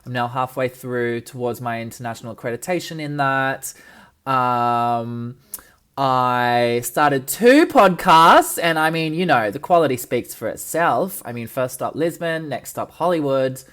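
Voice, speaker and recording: A woman's voice: rumbling low, a little slow, a bit bright. A young woman hosting a casual solo podcast, chatty and cheeky, swearing freely with lots of ums, recorded in an apartment. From Australia. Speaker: podcast host. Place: friend's apartment.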